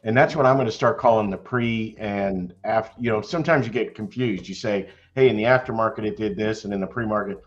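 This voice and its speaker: An older man chatting loudly and cheerfully on an online call about trading, laughing often. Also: on the low side, a little fast, hardly any pauses, highs cut off, faint music behind. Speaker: stock trading chat member. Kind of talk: casual chat.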